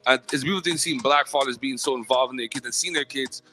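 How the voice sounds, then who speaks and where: A man hosting a morning radio show, chatting casually and animatedly with guests. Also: mid-range voice. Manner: animated, quick banter with restarts.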